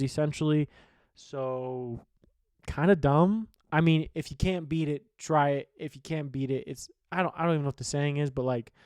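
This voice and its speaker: A man's voice: fairly high pitch, a little mellow, no room sound, clean studio sound. Opinionated man in casual sports talk. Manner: rambling, opinionated, swears casually. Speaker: sports betting podcast host.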